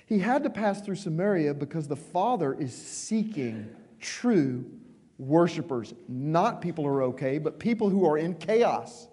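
A man preaching a sermon in a conversational, emphatic way, dropping suddenly quiet at moments. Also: fairly high pitch, sing-song, measured pace, slightly rough, in a large hall. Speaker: pastor.

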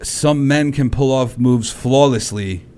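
A man's voice: mid-range voice, darkish tone. A man co-hosting a casual chat, agreeing often and chiming in. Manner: agreeable, quick to chime in.

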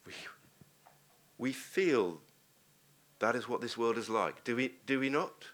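A man's voice: medium pitch, lively intonation, unhurried, a bit bright. A man preaching a sermon, earnest and posing rhetorical questions to the congregation.

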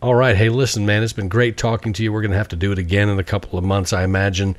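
A man's voice: on the low side, little pitch movement, very fast. A man hosting a podcast interview, chatty and opinionated, laughing often. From United States. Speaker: podcast host. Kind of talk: casual interview chat.

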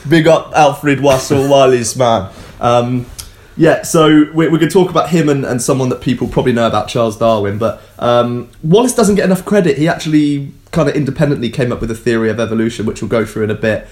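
A man's voice: medium pitch, fast talker, few pauses. A man co-hosting a casual science podcast, explaining things loosely with jokes and many ums. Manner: relaxed, joking, many ums and restarts.

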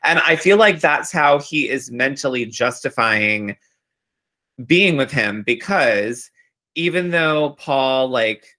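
A man's voice: medium pitch, takes it slowly. A man co-hosting a podcast, gossiping animatedly while recapping a reality show. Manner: gossipy, animated, swears casually. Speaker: podcast co-host.

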